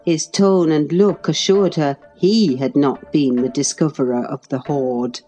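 A woman narrating a classic novel in a measured, expressive storytelling voice. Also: low-pitched, highs cut off, soft background music. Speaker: audiobook narrator.

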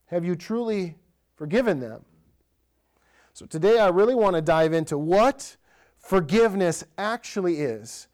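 Higher-voiced man preaching a relaxed sermon. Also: unhurried. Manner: relaxed storytelling, asks the congregation direct questions. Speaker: pastor. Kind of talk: conversational sermon.

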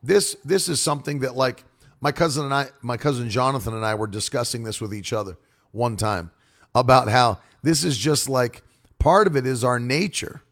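Forceful preacher with a gravelly voice. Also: male voice, medium pitch. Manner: forceful, demonstrative, animated. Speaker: preacher and broadcaster. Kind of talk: casual monologue.

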